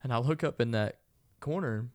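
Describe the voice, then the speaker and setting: A man's voice: mid-range voice, moderate pace. A young man telling a rambling story in casual chat, swearing often and laughing along.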